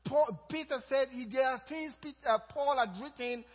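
A male pastor preaching a sermon, lively and chuckling between points, slowing to stress scripture quotes. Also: very high-pitched. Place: church sanctuary. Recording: reverberant hall, dull lo-fi sound.

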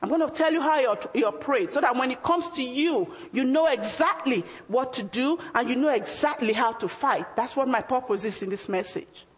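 A high-pitched woman delivers a sermon, pressing her points with emphatic exhortation. She acts out the doubting questions of her listeners. Her voice rings with the long reverb of a church hall. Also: animated, normal speed, hardly any pauses. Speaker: preacher.

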